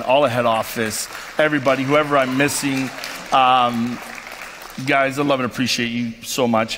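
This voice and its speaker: A man's voice: mid-range voice, a bit bright. A man giving an emotional, effusive motivational speech as keynote speaker at a company convention, with frequent ums and restarts. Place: convention stage in a large hall. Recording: long hall reverb from a convention stage.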